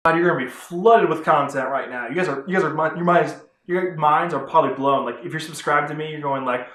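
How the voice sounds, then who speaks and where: A man's voice: a little high, a little fast, few pauses, fairly bright tone. A man rambling through a casual vlog review of comic books, chatty and often correcting himself. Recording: roomy echo.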